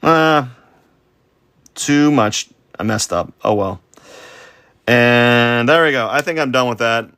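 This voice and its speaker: A man's voice: medium pitch, a bit bright, clear, resonant tone, no echo. A man streaming a drawing session live, rambling and joking about his own work as he sketches. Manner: rambling, self-deprecating, with silly sound effects. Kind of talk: casual live-stream commentary while drawing.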